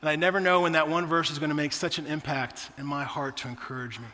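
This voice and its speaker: A man's voice: fairly high pitch, steady tone, quick pace, bright, forceful tone, long reverb tail. A man in his forties preaching a sermon, telling personal stories in a conversational way to his church. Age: 40s. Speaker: pastor.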